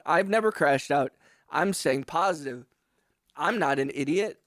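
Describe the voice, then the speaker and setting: Livestreaming from his home music studio, a music producer with a high, expressive, slightly bright voice talks at normal speed into a close broadcast microphone with no echo. He rants in frustration, swears, and mocks himself, then thanks his chat in a casual exchange with viewers.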